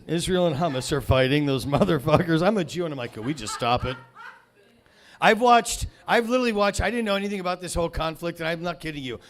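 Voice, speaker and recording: A man hosting a comedy show, swearing and shouting in a rant, then rambling with fillers and restarts. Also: a little high. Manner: profane, shouting rants at a heckler.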